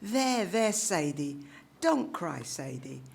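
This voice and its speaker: A woman's voice: fairly low pitch, sing-song, slow pace, gravelly, exaggerated voice. A woman voicing a frail, bent, very old cat lady with a scratchy, crackly voice, who keeps calling a child's name. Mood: soothing. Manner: calls the child's name over and over.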